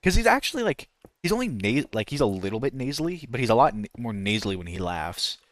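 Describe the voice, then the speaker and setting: A man's voice: mid-range voice, sing-song, quick pace, no echo. A man streaming a game and chatting casually, rambling and breaking off to try voice impressions. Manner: rambling, self-interrupting, tries out voice impressions. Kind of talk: casual gaming stream chat.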